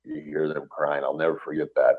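A man's voice: very deep voice, level tone, fairly quick. A middle-aged man earnestly recounting a personal story in conversation, acting out what people said. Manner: earnest, vivid retelling full of quoted dialogue. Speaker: guest telling a personal story. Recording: dull lo-fi recording.

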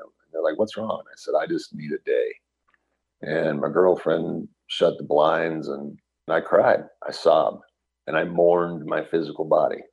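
Very deep, gravelly-voiced man. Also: a little mellow, lo-fi sound. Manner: earnest, emotional, reflective. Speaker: guest, author and restaurant entrepreneur. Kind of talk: candid interview storytelling.

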